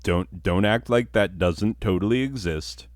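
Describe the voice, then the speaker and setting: A man's voice: fairly low pitch, measured pace, no room sound, clean studio sound. A man telling a comic story with rambling, self-mocking asides. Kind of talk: comedic storytelling.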